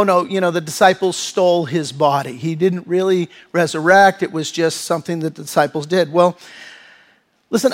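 A male pastor preaching a sermon in an earnest, conversational way, often restarting and stumbling over his words. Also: sits high.

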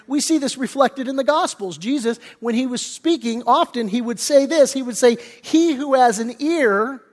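A man's voice: very high voice, big-room sound. A man preaching a sermon as pastor, earnest and repeating key phrases, often restarting his sentences.

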